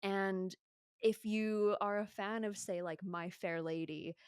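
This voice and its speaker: A woman's voice: medium pitch, steady tone, slow, smooth, no room sound, studio quality. A woman from Yorkshire co-hosting a true-crime podcast, explaining in a chatty way with lots of filler words. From Yorkshire, England. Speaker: podcast co-host. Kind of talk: casual true-crime chat.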